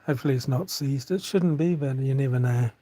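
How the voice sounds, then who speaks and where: Rambling New Zealand man, husky voice. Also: mid-range voice, fairly quick, dark tone, no echo. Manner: rambling, swears casually, thinks aloud with fillers. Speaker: livestream vlogger. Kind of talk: casual live-stream chat. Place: outdoors on rural farmland.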